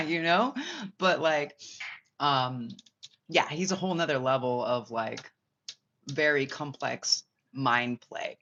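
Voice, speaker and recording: A woman tells a winding personal story in a loose, profane way, slipping into other people's voices as she quotes them. Her voice is bright and forceful. The recording sounds dull and lo-fi. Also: low-pitched, normal speed. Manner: profane, rambling, acts out quotes. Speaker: spiritual reader. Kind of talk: casual storytelling monologue. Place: Bali.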